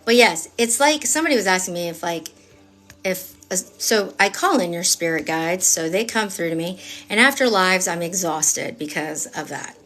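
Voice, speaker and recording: A woman's voice: on the low side, animated, normal speed, fairly bright tone. A woman giving a live-streamed tarot reading in a casual, sassy way. She swears often and repeats phrases for emphasis as she talks straight to her viewers. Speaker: tarot reader.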